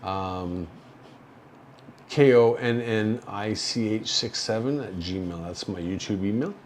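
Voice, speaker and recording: Slow, rambling older man on a livestream. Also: lowish voice, a little hiss or hum. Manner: halting and rambling, with many fillers and soft chuckles. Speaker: livestream host reading viewer chat. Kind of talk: casual livestream chat.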